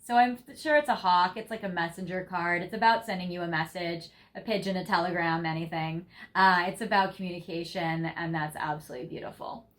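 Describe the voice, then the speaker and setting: A woman's voice: fairly low pitch, steady tone, fairly quick, few pauses, fairly bright tone. A young woman giving a tarot reading to viewers, gushing and effusive, laughing often as she talks through the cards. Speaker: tarot reader.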